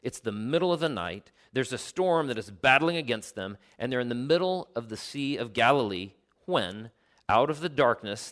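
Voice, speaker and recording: Male pastor, sermon, lively storytelling, explains Greek words, soft slow emphasis, mid-pitched voice. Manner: drops to a quiet, slow voice for emphasis.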